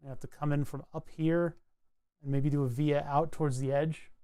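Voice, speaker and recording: A man's voice: on the high side, little pitch movement, normal speed, warm tone, clear, resonant tone. A man chatting casually on a live stream while designing a circuit board, rambling with wry asides and frequent self-corrections.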